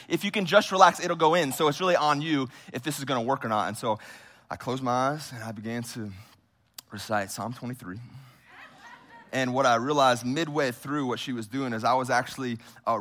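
A pastor in his thirties telling a funny personal story during a sermon, animated and humorous. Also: mid-range voice, slight background noise.

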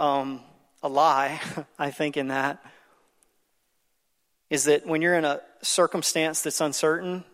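A pastor in his thirties preaches a conversational sermon in a church sanctuary, using frequent ums and uhs. His voice is fairly high and a bit bright, with long hall reverb in the recording.

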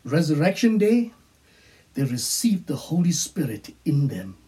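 Man, pastor's sermon, slow deliberate delivery, mellow dark tone, slightly raised pitch, voice from off the mic. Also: big pitch swings, recorded from a distance. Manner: slow, emphatic preaching with whispered phrases.

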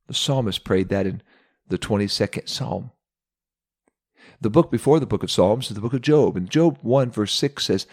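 A man's voice: lowish voice, animated, normal speed. A male preacher telling a scripture story in a sermon. He builds drama as he narrates and slips into voices for the characters. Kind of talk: sermon retelling a Bible story with acted voices.

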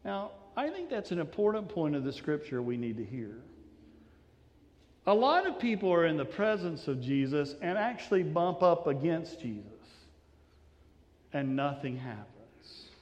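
A man preaching a sermon, telling the story dramatically, acting out voices and dropping to a hush. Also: on the high side, very animated, measured pace, highs cut off. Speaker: pastor. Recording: long hall reverb.

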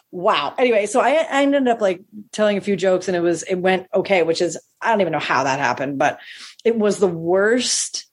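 Husky woman telling a profane story. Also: lowish voice, fairly quick. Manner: animated, acts out quoted voices, swears freely. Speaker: stand-up comedian.

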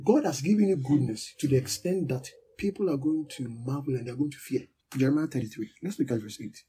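Emphatic preacher with a mellow voice. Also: male voice, mid-range voice, quick pace, a little hiss or hum, low-quality recording. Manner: call-and-response teaching, emphatic repetition. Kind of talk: sermon.

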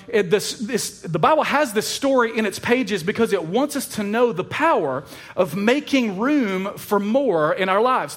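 A man preaching a sermon in a casual, conversational way, with frequent fillers and restarts. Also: high-pitched. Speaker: pastor.

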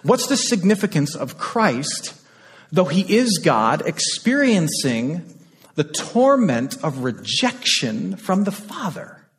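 Slow and sing-song, a pastor's voice, high for a man, rises and falls widely as he preaches in a church. With impassioned urgency he repeats phrases, then sinks to near-whispers, and the sanctuary's long reverb lingers after every line.

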